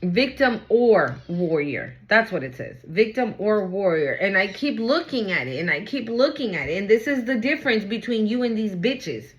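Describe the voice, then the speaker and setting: A woman's voice: a little high, big pitch swings, a little fast, hardly any pauses, highs cut off. A woman giving a casual tarot reading to camera. She talks bluntly, swears freely, repeats her points and keeps asking "right?". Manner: blunt and profane, repeats phrases for emphasis; asks "right?" again and again. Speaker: tarot reader.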